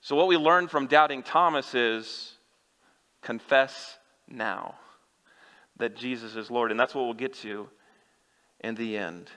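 A man preaching an unhurried sermon in a bright, forceful voice. His earnest address to the congregation rings out with a long hall reverb, as in a church sanctuary. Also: medium pitch. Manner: earnest direct address to listeners. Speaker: pastor.

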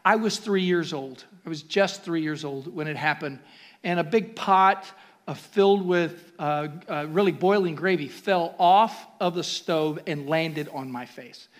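A man preaching a sermon as pastor, asking the congregation questions and building to shouted calls. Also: fairly high pitch, unhurried.

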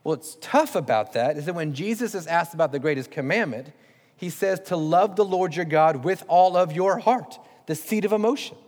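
A man's voice: on the high side, expressive, moderate pace, a little mellow. A man preaching a sermon, conversational and emphatic, putting direct questions to his congregation. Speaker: pastor. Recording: long hall reverb.

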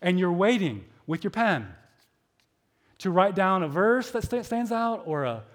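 A man with a high voice, middle-aged, gives a sermon that sounds like a friendly chat. He is self-deprecating and fills his talk with little likes. He acts out his own inner voice as he tells his stories. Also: unhurried. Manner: chatty, self-deprecating, many filler likes; animated storytelling with acted inner voices. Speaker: preacher. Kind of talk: conversational sermon.

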